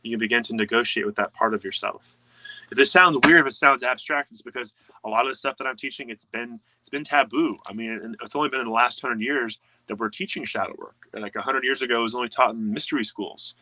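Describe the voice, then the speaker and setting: Male coach, bright forceful tone, dry close sound, earnest, lots of fillers. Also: mid-range voice, fast, no echo, low-quality recording. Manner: earnest, talkative, filler-heavy. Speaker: life coach. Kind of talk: live online presentation.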